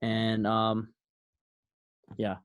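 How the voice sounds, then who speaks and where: Earnest, halting young man. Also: on the low side, completely flat delivery, clean tone. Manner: earnest, halting, filler-heavy. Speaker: podcast co-host. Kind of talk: casual sports podcast chat.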